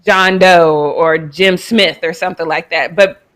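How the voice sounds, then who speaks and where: A woman's voice: on the low side, fairly even intonation, a little slow, fairly bright tone. A woman from the United States hosting a live sports talk show, chatting casually and laughing as she reacts to clips. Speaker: host. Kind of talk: casual commentary on sports news.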